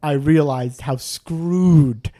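A man with a fairly high-pitched voice tells a long travel story in easygoing conversation. He rambles, restarts his sentences and pokes fun at himself as he goes. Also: extremely slow, dark tone. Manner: self-deprecating and jokey. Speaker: podcast guest telling a travel story. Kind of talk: casual chat.

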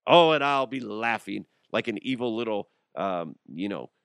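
Middle-aged guy riffing on his radio show, kinda low voice, dry close mic, jokey and rambly. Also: lively intonation, normal speed, creaky, fairly bright tone, clean tone, no room sound. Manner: joking, rambling, laughs often. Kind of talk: casual comedic chat.

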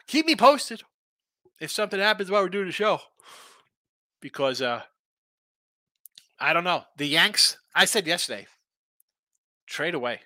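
A man hosts a sports betting show, talking casually and rambling through opinionated takes packed with rhetorical questions. His voice is high and sharp in tone, animated but unhurried, with frequent pauses and no echo.

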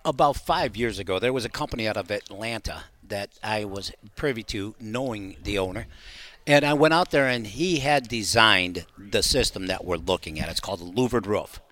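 A man's voice: fairly low pitch, moderate pace, a bit bright. A middle-aged man talking as a company guest on a radio show, enthusiastic and salesy. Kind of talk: casual radio chat.

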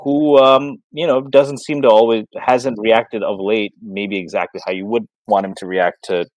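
A man's voice: fairly low pitch, fairly even intonation, normal speed, darkish tone, dry recording, dull audio. Man, podcast co-host, casual sports chat, rambling, lots of fillers, dry close sound. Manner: rambling, many fillers and restarts.

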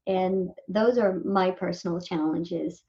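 A woman voice actor from Southern California talking casually in an interview, animated and quick to mimic people. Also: on the low side, lo-fi sound. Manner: animated, slips into lively mimicry of others. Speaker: voice actor guest.

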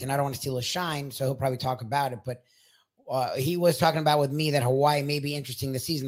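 A man co-hosting a sports betting talk show, speaking in a measured, mildly exasperated way. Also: medium pitch.

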